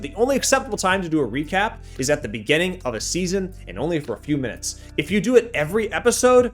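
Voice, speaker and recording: Sarcastic guy ranting about an anime, loose chatty talk, soft guitar music under him. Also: big pitch swings, fast talker, few pauses. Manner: sarcastic, loose and chatty with big pitch jumps. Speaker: anime reviewer. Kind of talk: casual commentary.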